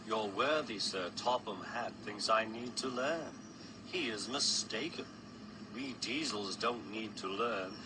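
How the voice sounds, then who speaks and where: A man's voice: on the low side, slow pace, background noise. A man voicing a smug, oily-voiced male diesel engine with falsely polite, boastful manners. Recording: loud background music.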